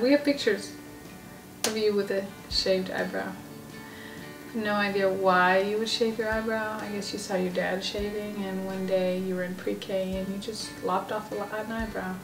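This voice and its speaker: A woman telling family stories in a casual chat, animated, acting out quotes. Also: creaky, echoey room, far from the mic, poor audio. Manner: animated, acts out quotes in a high voice.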